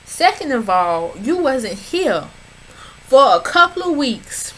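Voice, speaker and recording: Sassy, high-voiced woman reviewer. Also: big pitch swings, slow, fairly bright tone, breathy edge, rough recording. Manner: sassy, talks back at the screen; chatty, addresses viewers as y'all. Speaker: reality TV reviewer. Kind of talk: casual recap commentary.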